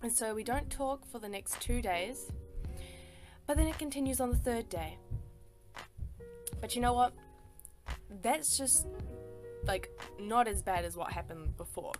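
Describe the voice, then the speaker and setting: A woman's voice: fairly high pitch, measured pace, pauses often, music in the background. A woman telling a personal story in a casual voice-over, emphatic and exasperated, swearing freely and filling her talk with "like" and "sis". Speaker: storytime artist.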